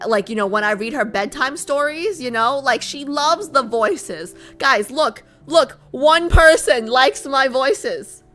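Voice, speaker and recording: A woman streamer talking casually to her chat and reading a game's story aloud, playful and teasing herself. Her voice is bright and fairly high, with a lively rise and fall. Soft music plays faintly behind her. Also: takes it slowly, hardly any pauses.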